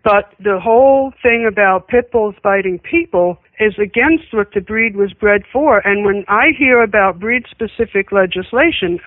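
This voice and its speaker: A woman's voice: mid-range voice, moderate pace, hardly any pauses, no echo. Woman talking over a phone line. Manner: matter-of-fact, storytelling. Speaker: call-in guest, dog trainer. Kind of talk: casual radio chat. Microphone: telephone.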